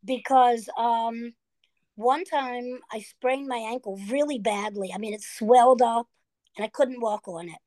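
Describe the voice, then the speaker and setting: A woman's voice: fairly high pitch, unhurried, warm tone, no echo. An older woman, a grandmother, telling family stories in a casual chat. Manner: storytelling, quoting family members. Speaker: guest.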